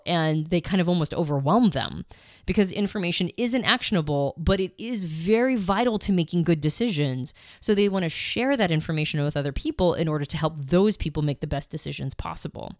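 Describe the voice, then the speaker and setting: A woman's voice: on the low side, animated, fast talker, dry recording, clean studio sound. A woman co-hosting a podcast, explaining ideas conversationally with some fillers and restarts. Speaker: podcast co-host.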